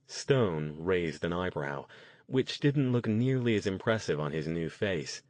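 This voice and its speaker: A deep-voiced man narrates a novel for an audiobook, keeping his storytelling measured and even. The scripted reading has no audible room sound.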